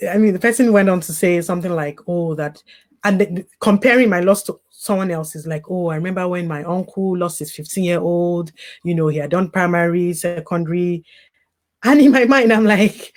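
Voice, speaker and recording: A woman's voice: fairly low pitch, moderate pace, a little mellow. A woman, a grief recovery specialist, candidly talking about losing her baby as an interview guest, earnest and reflective with frequent "you know" asides. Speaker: grieving mother as interview guest.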